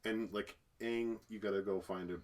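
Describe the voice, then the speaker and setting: A man's voice: fairly low pitch, fairly even intonation, moderate pace, a little hiss or hum. A man co-hosting a casual talk about a cartoon episode, laughing often and trailing off to restart his sentences. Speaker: podcast co-host. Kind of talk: casual chat.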